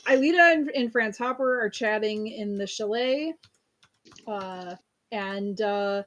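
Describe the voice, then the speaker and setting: A woman's voice: medium pitch, slow, a bit bright. A woman casually recapping a cartoon episode, rambling with lots of fillers, correcting herself and giggling along the way.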